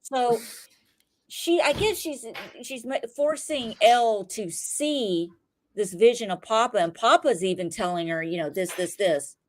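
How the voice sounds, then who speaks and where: A woman on a casual podcast with a voice pitched a little above the usual. She retells a show in a loose, swearing, animated ramble, full of asides. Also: unhurried. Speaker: podcast co-host. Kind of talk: casual TV recap chat.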